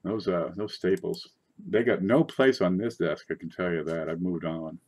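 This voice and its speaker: A man with a fairly low voice hosts a casual coin show from his desk. He rambles in a chatty way and breaks into sudden excited outbursts. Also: normal speed, highs cut off. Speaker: coin collecting channel host. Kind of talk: casual livestream chat.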